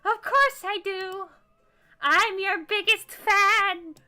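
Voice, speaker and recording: A woman voicing a huge, unhinged male fan with an axe, in a high, giddy, stammering voice that bursts out loud when overexcited. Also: takes it slowly, heavily acted. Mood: gushing. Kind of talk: visual novel voice acting.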